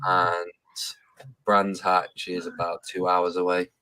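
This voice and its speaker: A man's voice: sits low, completely flat delivery, slow pace, sharp tone, smooth, no echo. A man with a West Midlands English accent, a guest answering plainly in casual podcast chat. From England.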